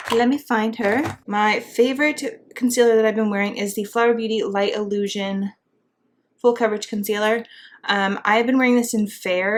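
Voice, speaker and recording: A young woman with a lilt rambles cheerfully through a casual makeup tutorial. She is pregnant and a bit out of breath as she talks. Her delivery is chatty, full of fillers and asides, with a pitch in the ordinary middle range. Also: a little hiss or hum. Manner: chatty, bubbly, filler-heavy. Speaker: beauty vlogger.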